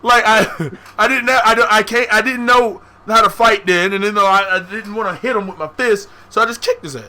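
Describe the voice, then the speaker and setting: A man's voice: high voice, fairly quick, hardly any pauses, sharp tone. A young man hosting a podcast, telling a story casually, profane and laughing as he goes. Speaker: podcast host. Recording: faint background noise.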